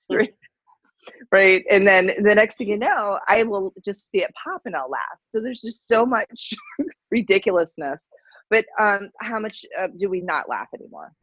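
A playful podcast co-host in casual chat, quick to laugh. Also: medium pitch, lively intonation, a bit bright, dry recording, highs cut off.

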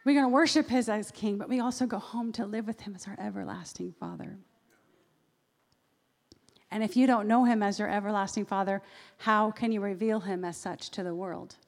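A woman's voice: medium pitch, normal speed, creaky. Woman preaching in a reverberant hall. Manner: conversational preaching with personal asides. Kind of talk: sermon. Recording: long reverb of a large hall.

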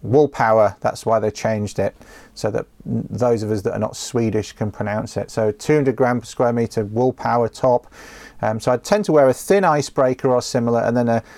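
A man with a medium-pitched, darkish voice at normal speed answers viewer questions on a casual solo show he hosts from his home office; there's no echo. He's chatty, peppering his talk with ums and restarts.

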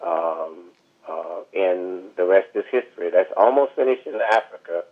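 A man tells a winding story as a podcast guest, full of asides and fillers. His voice sits a little low, and it comes through a thin, tinny phone line. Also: unhurried. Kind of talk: storytelling interview over the phone.

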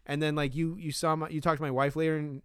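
On a relaxed podcast, a man co-hosting walks through a movie one scene at a time, laughing frequently and acting out lines in an animated way. He's a fast talker with a fairly high, clear, resonant voice, recorded in studio quality with no echo.

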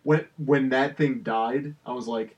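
A young man in casual chat with a husky voice, laughing often, swearing a lot and rambling. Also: mid-range voice, steady tone, measured pace, highs cut off. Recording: voice a bit far from the mic.

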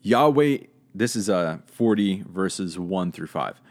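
A man with a fairly low voice leads a relaxed Bible lesson. He takes his time, moving slowly through each thought, and keeps it conversational with hedges and small self-corrections. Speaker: Bible teacher. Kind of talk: casual Bible teaching.

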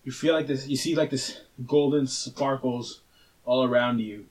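A man's voice: mid-range voice, steady tone, moderate pace, darkish tone. A man narrating a tabletop game as game master, in a casual way with fillers and restarts.

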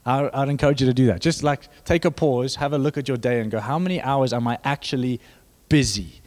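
A young man preaching a sermon, animated and joking with the congregation, building to fervent emphasis. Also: medium pitch, brisk. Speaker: pastor.

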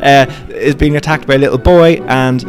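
A man's voice: mid-range voice, fairly even intonation, moderate pace, over music. A man co-hosting a casual podcast, rambling and correcting himself as he recaps a film. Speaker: podcast co-host.

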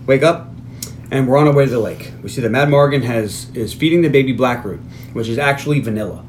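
A man's voice: medium pitch, a little hiss or hum. A man co-hosting a movie podcast, casually retelling scenes, laughing and swearing often. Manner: laughing, profane, retells scenes with quick voiced quotes. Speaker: podcast co-host. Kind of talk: casual movie recap chat.

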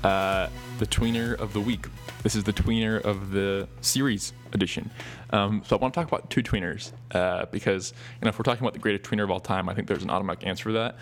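A young man in his twenties talks on his own podcast in a casual, rambling way, full of ums and restarted phrases. His voice sits a little low. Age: 20s. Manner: loose and rambling, many fillers and restarts. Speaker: podcast host. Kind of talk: casual solo podcast talk.

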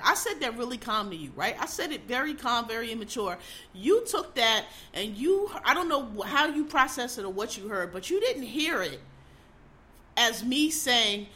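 A woman's voice: high voice, expressive, normal speed, sharp tone. A middle-aged woman ranting casually as a host, blunt, profane and exasperated, hammering her points by repeating them. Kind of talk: casual opinion rant.

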